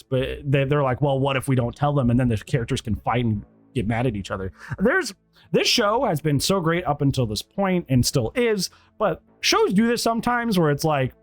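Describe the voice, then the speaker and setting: A man giving a casual, rambling review of a TV episode, animated and acting out bits of dialogue. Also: fairly high pitch, no echo. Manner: animated, rambling, acts out quotes. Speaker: TV show reviewer.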